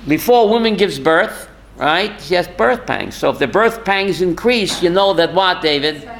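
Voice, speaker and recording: Man, rabbi, sermon-style class, high voice, emphatic, asks listeners questions. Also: animated, moderate pace, creaky, a bit bright. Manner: emphatic, rhetorical questions, calling on listeners by name.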